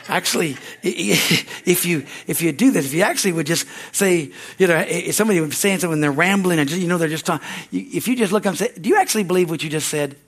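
Older male pastor, folksy conversational sermon delivery, light chuckles, slightly high voice. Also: very fast, hardly any pauses, fairly bright tone. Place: church sanctuary.

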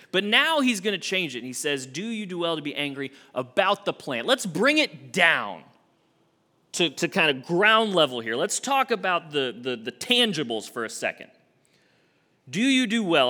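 A young adult man, an associate minister, preaching a sermon with expressive swings from emphatic to hushed. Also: on the high side.

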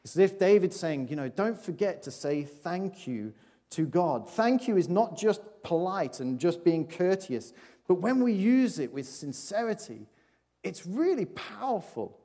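A man gives a light, chatty children's talk in church. He keeps turning to his listeners with questions in a voice pitched a little high. His words ring out through the long reverb of a large hall. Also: very animated, measured pace, dark tone. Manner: chatty and playful, asks the audience questions, often restarts. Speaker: preacher giving a children's talk.

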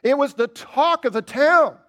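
High-voiced emphatic male preacher. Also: measured pace. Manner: emphatic, rises high on key points and drops low and quiet for reflection; asks rhetorical questions. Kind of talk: sermon.

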